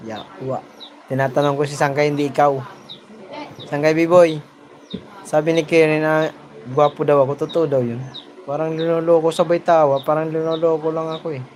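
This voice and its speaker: A man's voice: on the high side, level tone, fairly quick, long pauses, a little mellow, slight background noise. A man with a Filipino accent vlogging in a joking, playful way, switching between his own language and broken English. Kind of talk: casual chat to camera.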